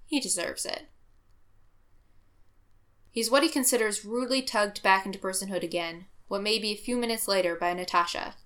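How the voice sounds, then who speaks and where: A woman narrating a story aloud with a lively, expressive reading. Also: medium pitch, moderate pace, long pauses. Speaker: reader. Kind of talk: audiobook narration of fan fiction.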